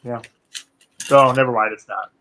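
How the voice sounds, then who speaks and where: A man's voice: mid-range voice, moderate pace, crowd noise, low-quality recording. A sleepy man co-hosting a casual live stream, joking dryly as he reminisces. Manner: dry and joking, tired. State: sleepy, yawning. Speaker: co-host. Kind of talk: casual chat.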